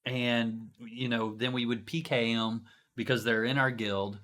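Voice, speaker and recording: A male podcast host with a bright, ringing voice at an ordinary pitch. He tells old gaming stories in a loose, animated chat, checking in with "right?" and "you know" as he goes. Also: unhurried. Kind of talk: casual storytelling chat.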